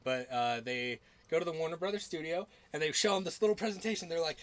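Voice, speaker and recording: A man's voice: on the high side, fast, a bit bright. A young man hosting a podcast in casual chat, rambling with lots of filler words, swearing and laughter. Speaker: podcast host.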